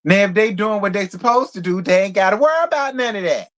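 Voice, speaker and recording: A man hosting a casual reality TV recap, talking bluntly and profanely in an animated, opinionated way. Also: high voice, fast talker. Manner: animated, opinionated gossip talk. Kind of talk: casual review commentary.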